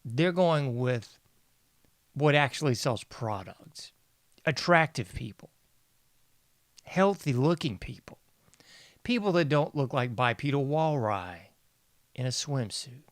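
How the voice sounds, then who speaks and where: A man's voice: mid-range voice, expressive, slow pace, long pauses, dry recording, clean studio sound. A man hosting a casual news commentary show, mocking and sarcastic, laughing often. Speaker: podcast host.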